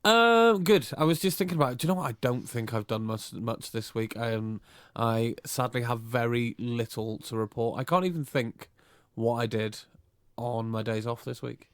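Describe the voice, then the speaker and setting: A man's voice: medium pitch, normal speed, clean tone, no echo, studio quality. A man co-hosting a casual podcast chat, rambling and correcting himself as he goes. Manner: rambling, easygoing, self-correcting. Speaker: podcast co-host.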